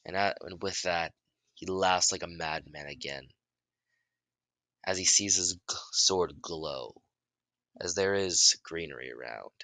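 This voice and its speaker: Deep-voiced man narrating a fan story. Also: no room sound. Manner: halting, many restarts and self-corrections; bursts into loud shouts for dialogue.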